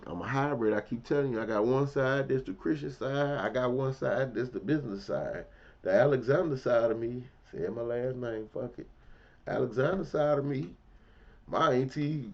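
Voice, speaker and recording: A man telling a blunt, profane personal story in casual street slang, swinging between loud, heated outbursts and low, quiet asides. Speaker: commentary vlogger. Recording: dull, lo-fi audio.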